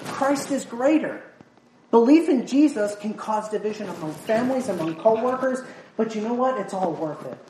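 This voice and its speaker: A woman's voice: on the high side, warm tone. A woman preaching a sermon in an earnest way, often repeating words and quoting scripture in old-fashioned wording. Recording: echoey room, voice from far off, noisy.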